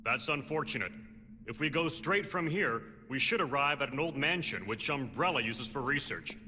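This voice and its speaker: A man's voice: medium pitch, lively intonation, moderate pace, big-room sound, background noise, close to an everyday voice. An actor voicing a stern male police captain in a game cutscene, curt and commanding.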